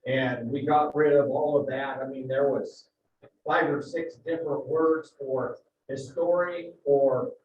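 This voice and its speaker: A man presenting a report at a meeting in a relaxed, informal way, often repeating words as he goes. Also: mid-range voice, a little slow. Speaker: work group member presenting a report. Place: meeting room. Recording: echoey room, far-off muffled mic with faint hiss.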